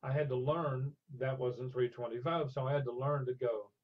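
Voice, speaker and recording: Older man telling an animated story. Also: mid-range voice, moderate pace. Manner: animated storyteller, acts out voices in anecdotes. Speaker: interview guest. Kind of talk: storytelling in a conversational interview. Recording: dull lo-fi sound.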